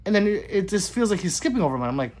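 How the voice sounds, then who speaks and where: Racing along in a high voice full of big pitch swings, a man hosts a livestream for his gun channel. He reads out comments from viewers and jokes back in a relaxed way, sometimes greeting people loudly, sometimes muttering.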